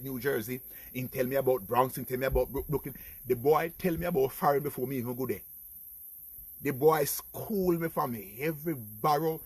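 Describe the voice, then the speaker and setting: A middle-aged Jamaican man telling his own life stories in a casual vlog, animated and talking to his viewers as "people". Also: medium pitch, husky. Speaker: vlogger. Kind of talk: casual storytelling.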